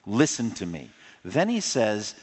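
A man preaching a sermon with passion, surging louder on key points and dropping low and quiet for personal appeals. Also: wildly swooping pitch, measured pace, slightly rough. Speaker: pastor. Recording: long hall reverb.

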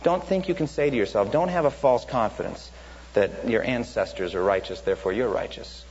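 A man's voice: mid-range voice, a little fast, darkish tone. A man preaching a sermon in an emphatic way, often asking rhetorical questions. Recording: dull echoey hall with faint hum.

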